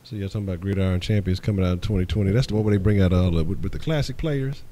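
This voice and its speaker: A man's voice: low-pitched, very fast, dark tone. A man hosting a casual sports talk stream, hyping his co-hosts and reading questions from the chat. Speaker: show host reading the chat.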